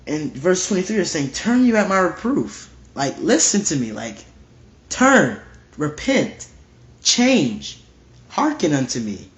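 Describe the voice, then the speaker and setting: A man's voice: on the high side, big pitch swings, slow. A man giving a casual verse-by-verse Bible study, reading scripture aloud and repeating his points with emphasis. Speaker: Bible teacher. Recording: roomy, dull lo-fi recording.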